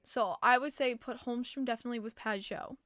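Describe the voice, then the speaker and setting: A young woman talks hockey on her stream, opinionated and chatty as she answers chat. Her voice sits fairly high and sounds a bit tired. The sound is close and dry, with no room echo. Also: brisk, a bit bright. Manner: chatty, opinionated fan reading chat comments. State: tired, yawning. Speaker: podcast host. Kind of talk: casual live-stream chat about hockey.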